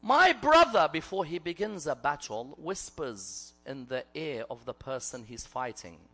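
A man preaching a storytelling sermon, swinging from loud declaiming to a hushed near-whisper. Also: medium pitch, a little slow, creaky.

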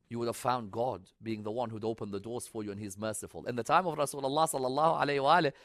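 A man preaching a sermon, moving between loud, urgent exhortation and soft, intimate storytelling, and reciting Arabic scripture in a quick chanting lilt. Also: medium pitch, no room sound, clean studio sound. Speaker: religious preacher.

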